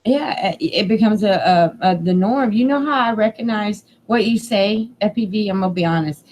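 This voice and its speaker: A woman's voice: medium pitch, normal speed, a little mellow. A middle-aged woman, mother of grown children, hosting a casual live stream, rambling, emotional and laughing often. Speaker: channel host.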